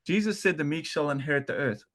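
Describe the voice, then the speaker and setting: A man's voice: a little high, quick pace, fairly bright tone. A man from South Africa, a podcast guest, telling a story in an earnest, restless way full of restarts and repeated words. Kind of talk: conversational storytelling.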